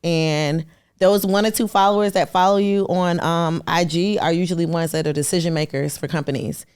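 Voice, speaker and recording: A woman's voice: normal speed, smooth. A woman in her thirties, a podcast guest, telling her story in casual, colloquial talk and acting out the people she quotes. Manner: animated, acts out quoted people with sudden high pitch jumps; colloquial, slangy, emphatic. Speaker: podcast guest, artist and entrepreneur.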